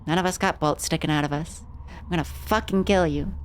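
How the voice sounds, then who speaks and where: Casual, low-voiced woman streamer. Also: fairly quick, a little hiss or hum. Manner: casual, swearing freely. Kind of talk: reading game dialogue aloud on a livestream.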